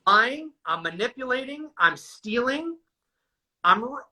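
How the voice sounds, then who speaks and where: A man recounts his own experiences in loose, candid conversation. His voice sits a little high and sounds very bright and forward. He swears often and tosses "dude" into nearly every sentence. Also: lively intonation, normal speed, rough recording. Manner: casual and profane, says "dude" constantly. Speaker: guest sharing a recovery story.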